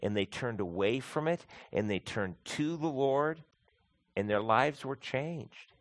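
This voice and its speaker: A male pastor preaching a sermon, emphatic, swinging from loud peaks to quiet, low passages. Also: expressive, slow. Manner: emphatic, rising to loud peaks then dropping soft.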